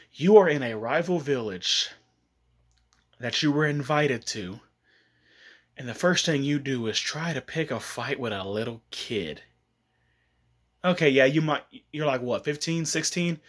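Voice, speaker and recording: A man's voice: mid-range voice, fairly bright tone. A man casually telling a fan-fiction story, chatty, often laughing and coughing. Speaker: YouTube storyteller.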